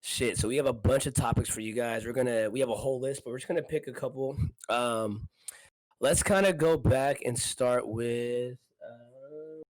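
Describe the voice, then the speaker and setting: A laid-back man chatting casually as a podcast co-host, slangy and quick to laugh. His voice sits in an ordinary middle pitch. The sound is close and dry, with no room around it. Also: darkish tone, no room sound, rough recording. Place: apartment.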